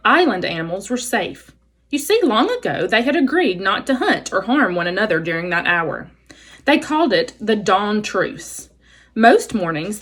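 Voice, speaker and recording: A woman's voice: medium pitch, a bit bright, breathy edge. A woman teacher reading a children's novel aloud expressively, adding brief explanations for her listeners.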